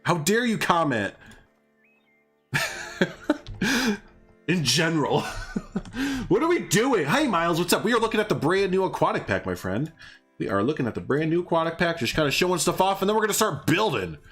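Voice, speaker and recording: Speaking at a moderate pace in a slightly high, sing-song, fairly bright voice, a streamer with a Southern US accent narrates his gameplay live. He rambles, chuckles and teases himself, with soft music in the background.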